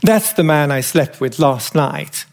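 A man's voice: fairly high pitch, animated, a little slow, creaky. A man voicing a flighty young English actress with a gushing, cooing manner.

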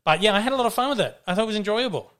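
A man's voice: high-pitched, expressive, racing, fairly bright tone. Chatty man rambling about films. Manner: rambling, with frequent restarts and swearing. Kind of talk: casual chat about films.

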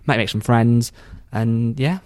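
A man's voice: medium pitch, slow pace, a little mellow, natural voice. A man playing an easygoing novice golfer. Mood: breezy.

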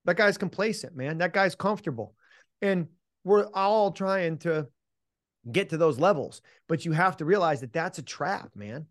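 A man's voice: on the high side, expressive, normal speed, no echo, studio quality. A middle-aged man, a mental performance coach, telling a personal story as a podcast guest in a punchy, emphatic way, casually swearing and calling the listener "man". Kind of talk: animated storytelling in an interview.

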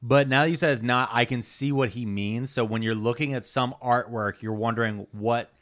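A man's voice: medium pitch, fairly even intonation, normal speed, fairly bright tone. A man co-hosting a casual podcast, blunt and sardonic. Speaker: podcast co-host. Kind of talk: casual chat.

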